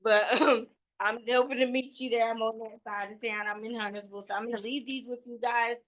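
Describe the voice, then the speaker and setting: A woman from North Carolina with a thick country Southern accent, pitching new homes to a team meeting in a chatty, joking way. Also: fairly even intonation, a bit bright. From North Carolina, USA. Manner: chatty, joking, spells things out slowly. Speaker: new-home sales agent.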